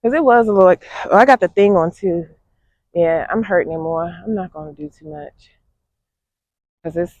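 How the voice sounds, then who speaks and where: A young woman vlogs outdoors in a high, animated voice. She chats casually to her viewers and laughs often. Her voice sounds close and dry. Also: a little fast, dry recording, highs cut off. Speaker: fitness vlogger. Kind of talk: casual vlog chat to viewers.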